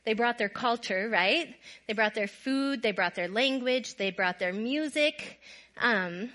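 A woman's voice: on the high side, measured pace. A middle-aged woman telling a funny story to her viewers, often breaking into laughter as she goes. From Minnesota. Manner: laughs often while telling stories, animated. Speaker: storyteller vlogger. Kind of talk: casual storytelling to camera.

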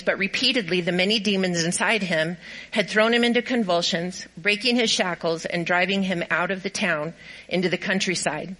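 A woman's voice: medium pitch, pushed and bright, poor audio. A woman pastor giving a sermon, cheerfully directing volunteers through a skit and reading scripture aloud. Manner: upbeat and encouraging.

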